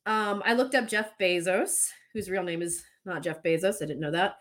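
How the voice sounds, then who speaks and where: A woman's voice: lowish voice, moderate pace, a bit bright. A woman hosting a casual chat, talking candidly and swearing now and then as she runs through what she looked up. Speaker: host.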